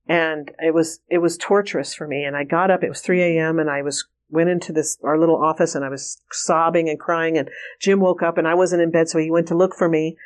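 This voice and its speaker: Woman, lowish voice, earnest, candid storytelling, halting restarts, interview guest. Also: fairly even intonation. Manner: earnest, personal, many fillers and restarts. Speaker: interview guest, remote viewing trainer.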